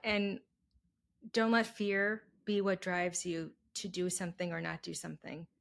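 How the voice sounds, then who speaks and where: A middle-aged woman giving calm, encouraging advice as a podcast guest. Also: lowish voice, measured pace, creaky. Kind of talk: casual interview chat.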